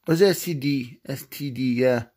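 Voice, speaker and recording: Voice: medium pitch, moderate pace, a little mellow, husky. A player giving casual gameplay commentary who stumbles over reading words aloud, swears casually and keeps breaking into laughing coughs. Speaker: gamer playing a search-guessing game.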